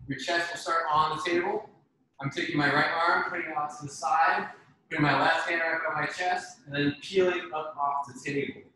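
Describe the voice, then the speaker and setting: A man leading an online workout class over a video call, giving brisk, encouraging cues and counting down reps. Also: on the high side, sharp tone. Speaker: fitness instructor. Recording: very echoey room, faint noise.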